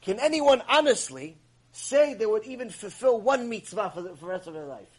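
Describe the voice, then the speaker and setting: A man giving an animated sermon lecture, telling stories and asking his listeners questions. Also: high voice, a little fast, husky. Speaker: rabbi teacher.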